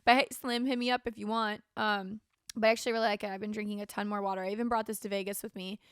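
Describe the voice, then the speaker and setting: A woman's voice: mid-range voice, little pitch movement, racing, a bit bright, smooth, dry recording, clean studio sound. A young woman hosting a casual solo podcast, tired and yawning with a sore throat, rambling with lots of fillers. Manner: rambling, frequent "like" and "um". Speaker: podcast host.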